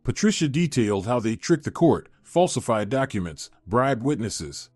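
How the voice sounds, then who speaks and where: A man narrating a scripted first-person drama story in an expressive, dramatic way. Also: medium pitch, moderate pace, no echo, soft background music.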